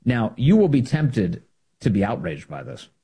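A man's voice: mid-range voice, sing-song, normal speed, mellow, husky. A man giving an opinionated political monologue, emphatic and repeating key phrases for effect. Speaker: political commentator.

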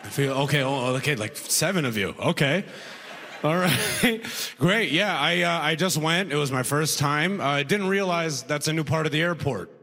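A man's voice: fairly high pitch, lively intonation, moderate pace, sharp tone. Stand-up comic, man, hall reverb. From Alberta, Canada. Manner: conversational, frequent "right?" asides, drawled impressions. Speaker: stand-up comedian. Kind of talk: stand-up comedy set. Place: comedy festival stage before a live audience.

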